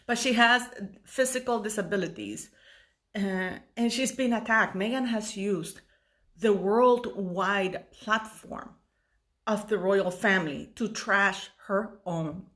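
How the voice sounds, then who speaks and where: A woman's voice: medium pitch, slow pace, fairly bright tone. A woman in her fifties giving a rambling, emotional commentary monologue, tired and full of restarts and fillers. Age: 50s. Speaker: YouTube commentator.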